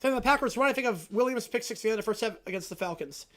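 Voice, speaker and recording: Stream host, male, casual reaction chatter, very animated pitch, jumps from shouting rants to mumbled asides. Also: very fast. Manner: excitable, answers chat questions, swings from loud rants to low mumbles. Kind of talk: casual live reaction chat.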